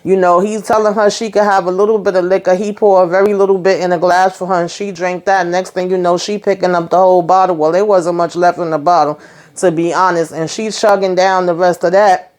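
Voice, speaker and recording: A woman's voice: lowish voice, steady tone, fairly quick, darkish tone. A woman hosting a casual TV episode recap, chatty and rambling with lots of "you know" asides. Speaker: host.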